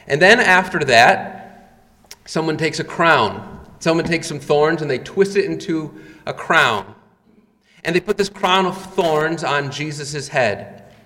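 A man's voice: fairly high pitch, animated, a little slow, sharp tone. A man preaching a sermon, retelling scenes dramatically and rising in volume for quoted cries. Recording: long reverb of a hall.

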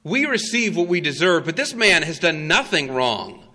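A man preaching a sermon, telling the story slowly and with emphasis, with frequent "uh" fillers. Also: a little high, big pitch swings, sharp tone. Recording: long hall reverb.

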